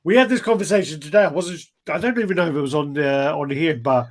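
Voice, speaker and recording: A man's voice: fairly high pitch, fast talker. A man co-hosting a casual podcast chat, telling rambling stories and laughing as he talks. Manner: rambling storyteller, laughs a lot. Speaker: podcast co-host.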